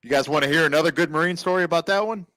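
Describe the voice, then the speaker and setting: A man's voice: on the high side, rapid-fire, sharp tone, dry recording. A man on a casual live stream telling a laid-back service story, laughing often and swearing freely. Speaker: guest veteran on live stream.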